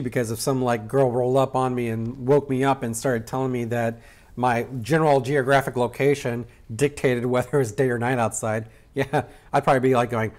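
A man reviewing a manga in a casual way, joking and chuckling as he goes. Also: mid-range voice. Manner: joking, chuckles between lines.

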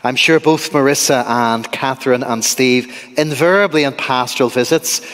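A man's voice: mid-range voice, moderate pace, a bit bright. A man with a Northern Irish accent preaching a sermon as a guest, conversational and humorous, quizzing the congregation. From Northern Ireland. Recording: church with long reverb.

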